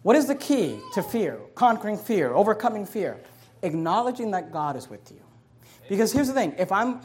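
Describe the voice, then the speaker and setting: A man, a pastor, preaching a sermon, swinging between loud, emphatic scripture reading and quiet, low asides, answering his own rhetorical questions.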